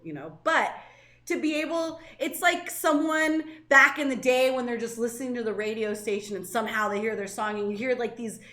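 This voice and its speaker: A woman's voice: on the high side, brisk, sharp tone, reverberant. A woman in her thirties from Southern California, co-hosting a casual podcast and talking candidly, with lots of fillers and restarts. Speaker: co-host.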